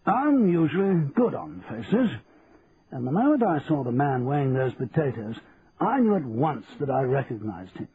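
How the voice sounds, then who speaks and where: A man narrating in first person as a reflective, measured retired army colonel, over a tinny line with faint hiss. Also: mid-range voice, very animated, close to an everyday voice. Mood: musing.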